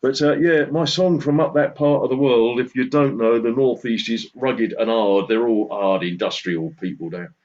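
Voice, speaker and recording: A man at a folk song circle telling a rambling, self-deprecating story before singing a slow lullaby. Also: medium pitch. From southern England. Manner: rambling, self-deprecating anecdotes with soft chuckles. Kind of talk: chatty song introduction then sung lullaby. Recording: slightly dull lo-fi recording.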